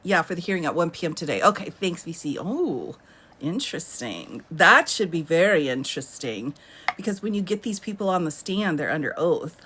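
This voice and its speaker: A woman's voice: on the low side, very animated, moderate pace, background noise. A woman in her thirties hosting a casual live stream from home, chatting and laughing often as she answers viewer comments. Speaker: livestream host.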